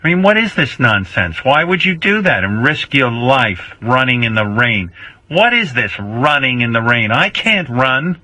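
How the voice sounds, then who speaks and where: A man's voice: medium pitch, very animated, unhurried, bright, forceful tone, dry recording, pitched above the performer's own voice, exaggerated voice, poor audio. Man doing a whiny guilt-tripping old mother. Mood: nagging. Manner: whiny, theatrical, repeats complaints. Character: nagging guilt-tripping older mother, martyr. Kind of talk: comic improvised impression.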